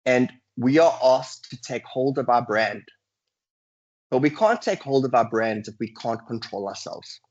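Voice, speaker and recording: A man lecturing over a video call, his voice husky and a little breathy. The audio is dull and lo-fi. He talks earnestly and drops into sighing, weary inner voices to make his points. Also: medium pitch, lively intonation, unhurried. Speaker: guest lecturer. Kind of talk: webinar lecture.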